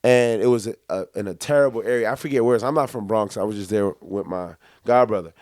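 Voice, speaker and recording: A man's voice: fairly low pitch, quick pace, darkish tone, no room sound, clean studio sound. A young man co-hosting a podcast, telling a long story in casual chat, acting out quotes and laughing often. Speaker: podcast co-host.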